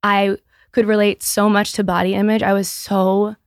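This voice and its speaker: Candid woman in her thirties, gravelly edge. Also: mid-range voice, moderate pace, no echo, studio quality. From Boston area. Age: 30s. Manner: candid and animated, with frequent restarts and "like". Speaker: guest, business founder. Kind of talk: casual podcast interview.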